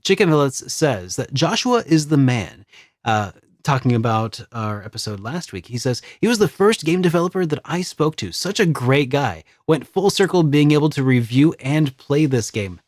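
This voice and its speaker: A man's voice: mid-range voice, very animated, normal speed, no room sound, clean studio sound. A man co-hosting a casual video game podcast, talking in a rambling, hesitant way with many restarts. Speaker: podcast co-host.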